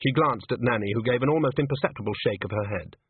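A man reading a story aloud in an expressive storytelling manner. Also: mid-range voice, fast, breathy edge, no echo. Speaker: audiobook narrator. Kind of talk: scripted narration. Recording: dry, tinny phone-like sound.

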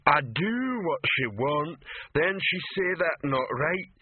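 A man voicing a simple-minded male troll who speaks slow, broken English. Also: on the high side, big pitch swings, husky, no echo, voice pushed up, full character voice. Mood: aggrieved. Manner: broken grammar, plodding complaint. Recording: phone-like lo-fi audio.

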